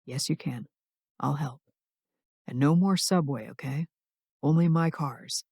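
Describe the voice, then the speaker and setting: A woman narrator voicing a gruff, protective wealthy man, lowering her voice into a firm, low tone. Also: measured pace, warm tone, dry recording, studio quality, heavily acted. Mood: insistent. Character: gruff protective billionaire man, young adult.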